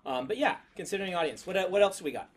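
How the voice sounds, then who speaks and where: A man's voice: high-pitched, big pitch swings, fast talker, a little hiss or hum. A man leading a writing class in a classroom, chatting casually with students and using many fillers. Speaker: writing instructor. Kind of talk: classroom lecture and discussion.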